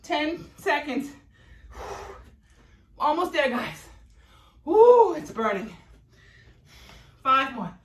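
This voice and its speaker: A woman's voice: high-pitched, expressive, slow pace, pauses often, sharp tone. A woman fitness instructor coaching a workout class, upbeat and a little out of breath as she cues moves and counts down reps. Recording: echoey room, voice from far off.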